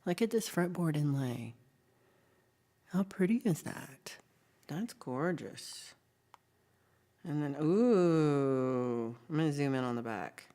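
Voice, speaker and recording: A woman's voice: deep voice, animated, measured pace, warm tone. A woman hosting a casual livestream, chatting with viewers and reading their messages aloud, with frequent ums. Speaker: livestream host.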